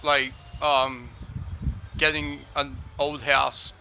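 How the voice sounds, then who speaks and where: Bright-voiced young man streaming. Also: on the high side, little pitch movement, very slow, muffled recording, slight background noise. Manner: swears often, laid-back. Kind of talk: casual gaming chat.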